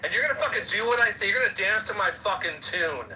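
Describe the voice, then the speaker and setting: A man's voice: sits high, lively intonation, quick pace, sharp tone, far from the mic, a little hiss or hum, low-quality recording. A man in a heated voice-chat argument, taunting and swearing aggressively at another user. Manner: aggressive, profane, taunting insults. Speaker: voice chat room participant. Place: online voice chat app.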